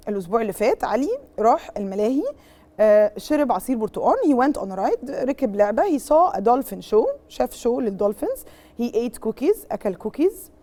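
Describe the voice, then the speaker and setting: A woman's voice: a little high, big pitch swings, rapid-fire, mellow. A woman with an Egyptian accent teaching an English revision lesson, explaining each point in English and then in Arabic and quizzing her pupils as she goes. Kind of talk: bilingual exam revision lesson.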